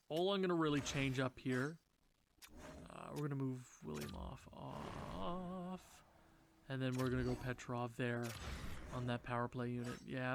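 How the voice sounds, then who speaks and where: Frustrated gamer guy, kinda high voice, vents at his team, faint hiss behind. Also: vocal fry, a bit bright. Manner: exasperated, talks to players, swings into high frustrated outbursts. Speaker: gaming YouTuber. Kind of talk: franchise mode commentary.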